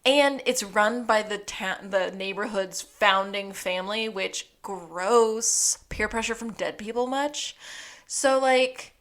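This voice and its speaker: A woman's voice: medium pitch, slow pace, a bit bright. A woman co-hosting a podcast, casually recapping a TV episode, laughing often and acting out the characters' lines. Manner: chatty, laughs often, acts out quotes. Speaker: podcast co-host.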